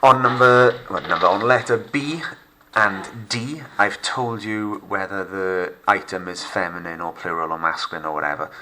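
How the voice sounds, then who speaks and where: A Welsh man with a low but bright, forceful voice talks through a recorded French lesson. He stays upbeat and jokey, and stretches out French words slowly so learners can repeat them. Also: slight background noise, rough recording. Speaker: secondary school French teacher. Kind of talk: recorded lockdown lesson narration.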